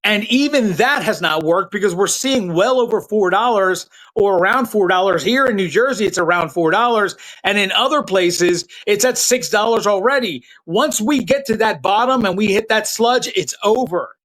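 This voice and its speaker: Blunt fired-up male streamer, high voice. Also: animated, moderate pace, hardly any pauses, fairly bright tone, rough recording. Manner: blunt, heated, talks straight to chat viewers; loose slang and frequent restarts. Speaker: political commentary livestream host. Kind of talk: casual live-stream commentary.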